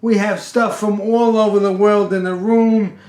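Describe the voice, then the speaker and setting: A man putting on the voice of a talkative, fussy woman homeowner, pitching his voice up and talking insistently, in a roomy, echoey space. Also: fairly even intonation, a little slow, darkish tone, lightly acted. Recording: roomy echo.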